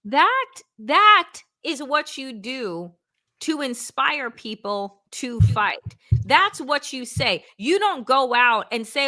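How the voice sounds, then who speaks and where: A woman's voice: high voice, animated, takes it slowly, sharp tone. A woman hosting a political talk show, speaking emphatically and swearing for emphasis. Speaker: host.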